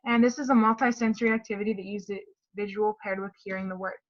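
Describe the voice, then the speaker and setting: A woman's voice: mid-range voice, fairly even intonation, fast. Woman explaining a therapy activity, lo-fi. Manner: explanatory, modeling word stress aloud. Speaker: speech therapy student. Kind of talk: recorded class presentation.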